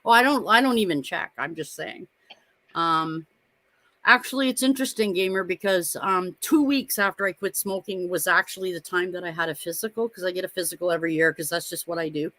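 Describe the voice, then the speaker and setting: Stream co-host, woman, 50s, blunt and animated storyteller, dry close sound. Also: fairly low pitch, fairly quick, no room sound. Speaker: co-host of a live watch party stream. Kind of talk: casual chat.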